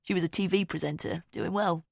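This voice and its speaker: A woman's voice: fairly low pitch, brisk, vocal fry, dry recording. A woman reading the part of a wry, gloomy young man in an audiobook, in a dry, darkly joking way. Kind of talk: audiobook character voice.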